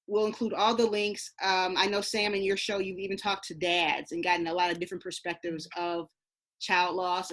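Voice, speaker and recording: Lower-voiced woman podcast host. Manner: warm thanks, then a brisk scripted sign-off. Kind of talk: podcast interview and outro.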